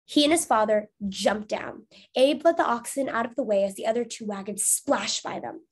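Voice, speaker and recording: A woman's voice: on the high side, normal speed, slightly rough. A woman teacher reading a storybook aloud to young students, then asking encouraging discussion questions. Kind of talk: reading aloud to children, lesson.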